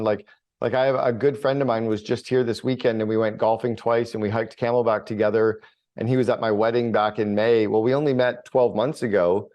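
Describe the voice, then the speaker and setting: A middle-aged man chatting on a podcast, telling blunt and lively stories with an occasional curse thrown in. His voice sits at an ordinary middle pitch. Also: moderate pace, highs cut off. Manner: blunt, storytelling with mild swearing. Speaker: business coach and author. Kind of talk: casual podcast conversation.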